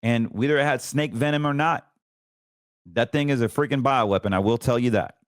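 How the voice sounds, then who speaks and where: A middle-aged man hosting a show, telling an earnest personal testimony in a casual, preaching way that grows quiet and emotional. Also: fairly quick, dry recording, clean studio sound. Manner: earnest and preachy, voice drops low when emotional. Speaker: podcast host.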